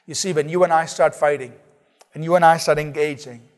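High-voiced man preaching in a reverberant hall. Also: fairly even intonation, a little fast. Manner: emphatic, repetitive preaching with rising urgency and soft, low closing lines. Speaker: pastor. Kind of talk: sermon.

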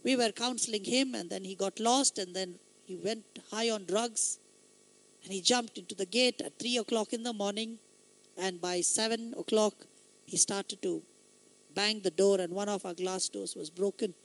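A man with a light, high voice often taken for a woman's, preaching a sermon with emphatic storytelling that swells into loud exhortation. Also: moderate pace.

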